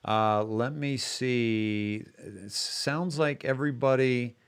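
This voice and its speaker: A man's voice: mid-range voice, slow, smooth. A man hosting a live-streamed show in casual chat, rambling with many restarts and fillers.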